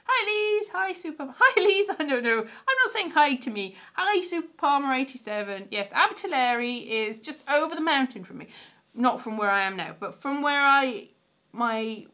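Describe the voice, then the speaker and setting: A woman's voice: high voice, sing-song, normal speed, pushed and bright. A woman from Wales, a comedian, chatting casually on a livestream from her stairs, rambling, greeting viewers and restarting sentences. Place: sitting on stairs at home.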